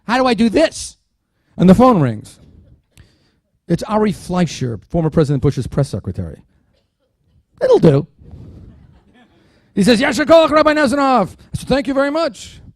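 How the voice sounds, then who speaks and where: A man gives a dinner keynote as a lively story, his high voice full of swings in pitch. He acts out the dialogue and drops in jokes as he goes. The sound is close and dry, with no room echo. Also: normal speed, long pauses. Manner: animated, acts out dialogue in quotes; humorous asides. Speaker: keynote speaker.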